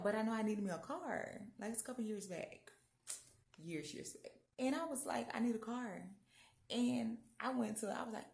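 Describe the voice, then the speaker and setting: A young adult woman telling a faith story in a casual, animated way, jumping between loud and hushed tones. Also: mid-range voice, creaky. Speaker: vlogger. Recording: echoey room.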